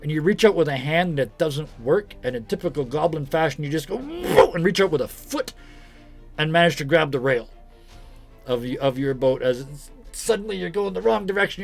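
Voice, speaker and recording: A man's voice: high-pitched, gravelly. A man narrating as game master, loose and joking, laughing often.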